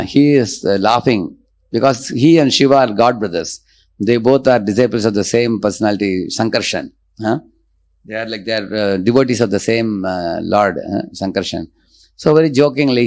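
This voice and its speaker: Man, low-pitched voice, scripture lecture, recites Sanskrit verses, adds huh and hmm tags. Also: a little mellow. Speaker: spiritual teacher.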